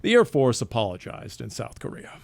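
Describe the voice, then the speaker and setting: A man hosting a casual sports podcast, running through a segment with wry, deadpan delivery. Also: mid-range voice, brisk, creaky, no room sound. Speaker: podcast host.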